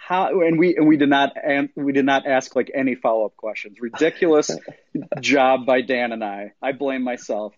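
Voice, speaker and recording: A man's voice: medium pitch, moderate pace, no echo, lo-fi sound. A man hosting a podcast and interviewing a guest, talking in a jokey, rambling way and correcting himself. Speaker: podcast host.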